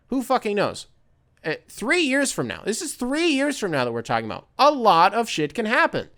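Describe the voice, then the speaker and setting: A man's voice: fairly high pitch, pushed and bright, clear, resonant tone. A man hosting a podcast alone, ranting casually with profanity and sarcastic impressions. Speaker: podcast host. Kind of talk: casual solo rant.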